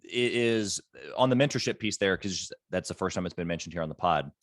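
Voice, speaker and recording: Deep-voiced man hosting a podcast. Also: brisk, dry recording, studio quality. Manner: searching, rephrases questions, lively intonation. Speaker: podcast host. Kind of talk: interview questions.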